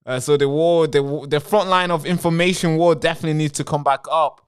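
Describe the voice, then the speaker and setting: A man's voice: on the high side, fairly even intonation, a little fast, smooth. A man hosting a live stream, talking straight to his viewers in a rambling way and answering chat comments. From Britain.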